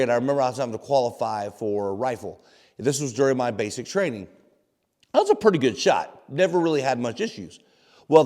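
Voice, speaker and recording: A man's voice: medium pitch, darkish tone. A man hosting a short devotional, telling a personal story in an earnest, folksy way. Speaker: devotional host. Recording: long hall reverb.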